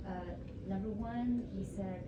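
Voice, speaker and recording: A woman's voice: medium pitch, fairly even intonation, unhurried, far from the mic. An older woman, a fan, asking questions hesitantly, with many fillers and restarts. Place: indoor meet-and-greet room. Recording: echoey room, recorded from afar, background noise.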